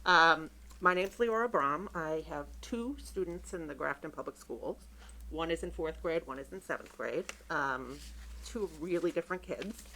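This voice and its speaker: A woman introducing herself as a school committee candidate, eager and a little nervous, talking quickly. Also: fairly low pitch, bright, forceful tone, low-quality recording. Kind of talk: prepared self-introduction at a public meeting. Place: town meeting room.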